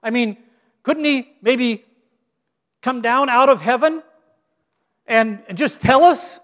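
A man's voice: very high voice, slow, pauses often, a bit bright, big-room sound. A man preaching as a guest speaker, joking about himself and restarting his phrases as he speaks. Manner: self-deprecating humor, frequent restarts. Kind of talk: sermon. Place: church sanctuary.

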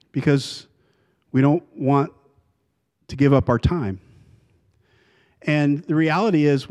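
A man, the pastor, earnestly introducing a guest preacher, with many filler pauses. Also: fairly high pitch, a little mellow. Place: church.

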